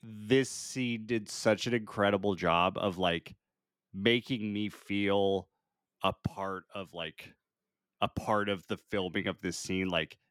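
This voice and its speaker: A man's voice: lowish voice, takes it slowly, smooth, no room sound, clean studio sound. A man co-hosting a podcast, chatting casually about a movie, laughing often and filling gaps with "like". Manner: relaxed, laughing often, fillers like "like". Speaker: podcast co-host. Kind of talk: casual movie review chat.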